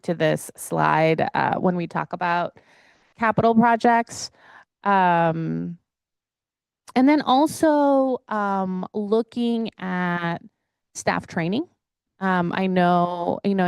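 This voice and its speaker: A woman addresses a city council with slow, hesitant remarks full of fillers and restarts. Her voice is low and gravelly yet smooth and resonant, recorded dry and close. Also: no echo.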